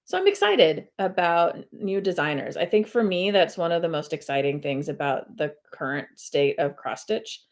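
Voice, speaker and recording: This cross-stitch channel host speaks in an expressive, lowish voice at normal speed, barely pausing. She rambles casually through a home live stream as she stitches, dropping in lots of fillers and correcting herself often.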